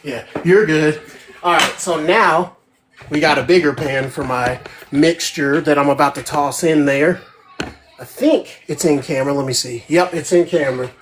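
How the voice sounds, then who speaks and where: Hosting a home cooking show, a woman with a deep voice speaks a little slowly against a noisy background. She runs a casual live demo from her home kitchen, chatting away and repeatedly checking in with viewers with "right?"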